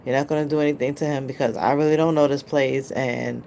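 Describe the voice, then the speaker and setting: Very low-voiced woman telling a story. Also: steady tone, fast, creaky, a little mellow, a little hiss or hum. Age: adult, mother of a child. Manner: rambling, filler-heavy, recounts dialogue. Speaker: vlogger. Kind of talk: casual storytelling to camera.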